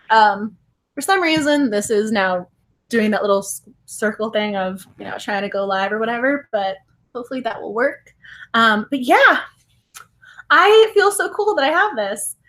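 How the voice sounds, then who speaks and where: A high-pitched woman talks casually to her vlog audience. She is giggly and excitable and laughs often. She rambles and corrects herself mid-sentence as she tells a story. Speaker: book vlogger. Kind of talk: casual chat.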